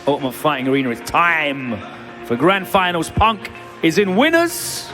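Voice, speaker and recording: Guy breaking down the match, dry jokes, loud music behind. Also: fairly high pitch, big pitch swings, moderate pace. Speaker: commentator. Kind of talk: esports commentary.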